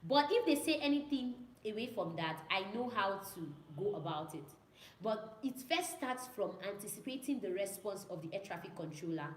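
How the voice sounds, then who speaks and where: A woman's voice: medium pitch, animated, moderate pace, slight background noise. A young woman, a student pilot, chatting casually with viewers, repeating herself and mimicking radio calls. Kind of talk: casual chat answering viewer questions. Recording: echoey room with faint ambience.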